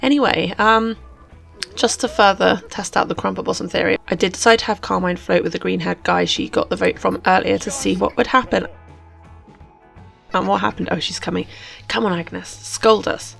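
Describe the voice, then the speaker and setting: A woman's voice: medium pitch, fairly even intonation, a little fast, creaky, fairly bright tone, faint music behind. A woman, a host chatting playfully through casual game commentary. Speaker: let's play host.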